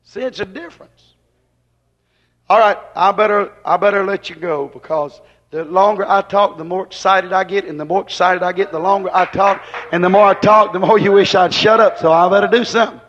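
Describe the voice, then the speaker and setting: A man preaching a fervent sermon, emphatic and repetitive, swinging between loud exclamations and hushed asides. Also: sits high, brisk. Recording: dull lo-fi recording.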